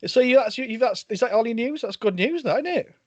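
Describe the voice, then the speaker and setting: A man's voice: very high voice, expressive, a little fast, dry recording. A man hosting a podcast over a video call, teasing his co-hosts in casual banter. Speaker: podcast host. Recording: dull dry video-call audio.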